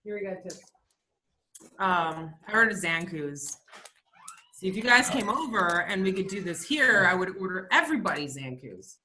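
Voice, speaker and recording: Woman podcast cohost going off on a rant, cursing a lot, bright sharp voice. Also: fairly low pitch, lively intonation, normal speed, slight background noise. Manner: profane, ranting storyteller. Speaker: podcast co-host. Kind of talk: casual comedic chat.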